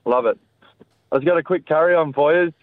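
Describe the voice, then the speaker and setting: A man's voice: fairly high pitch, fairly quick, dry recording, narrow, tinny audio. An Australian man leaving a chatty, crude voice message for a podcast, swearing freely. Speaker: caller. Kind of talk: recorded voice message.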